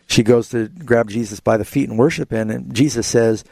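A man's voice: mid-range voice, steady tone, moderate pace, vocal fry, dark tone, no room sound. A man hosting a call-in Bible radio program, earnestly explaining scripture to callers. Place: radio studio.

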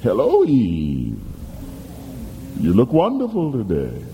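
A smooth, sly devil, put on by a preacher, croons his questions slow and deep in a dark, mellow tone. His words hang in a long church reverb, with a faint hum of the room behind. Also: wildly swooping pitch, exaggerated voice. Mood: sly coaxing. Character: smooth, sly male devil coaxing in disguise.

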